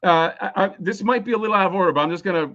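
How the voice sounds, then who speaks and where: A man's voice: high voice, rapid-fire, sharp tone, lo-fi sound. A man losing his voice, rambling casually and swearing a lot while explaining a toy on a live stream. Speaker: toy designer presenting a crowdfunding campaign.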